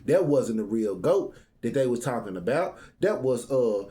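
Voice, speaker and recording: Animated man reading scripture. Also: mid-range voice, moderate pace. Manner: joking, conversational asides between verses. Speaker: Bible reading host. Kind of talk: scripture reading with humorous commentary.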